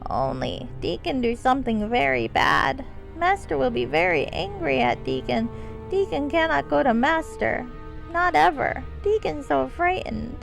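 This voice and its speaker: A timid little kobold bard in a fantasy game, fawning and servile, chatters in broken grammar and calls himself by name, as a woman streamer puts him on. His voice sits very high and squeaky, drawn out slowly, with soft music under it. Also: very animated, creaky, full character voice, poor audio. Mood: frightened. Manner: high squeaky voice, some lines strained and out of breath. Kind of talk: live game-stream character voicing.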